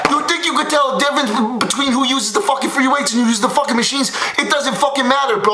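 A man in a comedic vlog rant, talking loud and profane in a bro style, shouting often. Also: very high-pitched, creaky. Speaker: vlogger. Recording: echoey room with faint noise.

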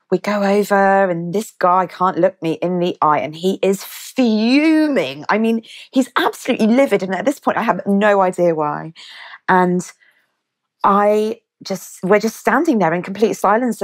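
A woman's voice: medium pitch, unhurried. A woman in her thirties with an English accent, a podcast guest vividly retelling a personal story and acting out the quotes. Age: 30s. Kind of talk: conversational storytelling.

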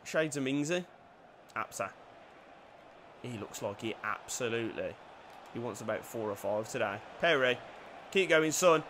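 A young man giving lively commentary over a football video game, dropping to quiet play-by-play and bursting into shouted cheers. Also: mid-range voice, measured pace, long pauses, a little hiss or hum. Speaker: gaming YouTuber.

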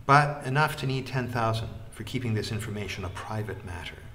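A man voicing a calm, greedy male plainclothes cop who speaks unhurriedly. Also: fairly low pitch, fairly quick, slight background noise.

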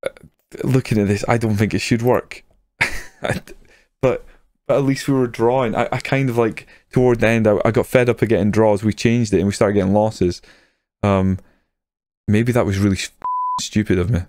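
Speaking at normal speed with long pauses, a young male YouTuber with a lowish voice narrates his own football management game; there's no room sound. He's excitable and gets heated over goals, letting out swears when they land.

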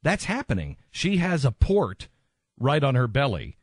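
A man hosts a radio talk show with an impassioned, emphatic delivery, circling back to repeat his points for weight. His voice sits at an ordinary middle pitch. The studio sound is close and dry, with no room around it. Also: wildly swooping pitch, unhurried, no room sound.

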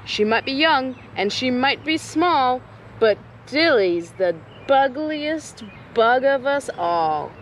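A proud male cicada, as a woman reader puts him on, announcing in a high, lively storybook voice. He speaks up quickly, like a small master of ceremonies. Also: slight background noise. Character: cheerful male cicada making a speech.

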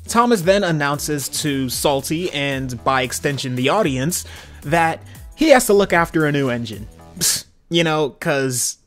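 A young man recaps a cartoon episode in relaxed, slangy commentary and laughs at the jokes along the way. His voice sits a bit high and swings widely. Soft music plays faintly in the background. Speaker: video commentator. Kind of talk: casual commentary.

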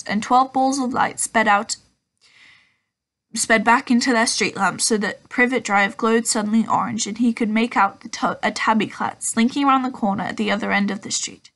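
A woman's voice: on the high side, a bit bright. A woman reading a children's book aloud, often stumbling and correcting herself. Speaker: audiobook reader.

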